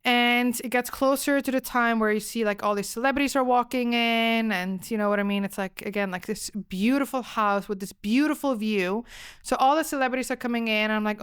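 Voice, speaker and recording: A young woman from Switzerland hosting a solo podcast, telling a story in a chatty, animated way with lots of fillers. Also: fairly high pitch, a little fast, smooth. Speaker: podcast host.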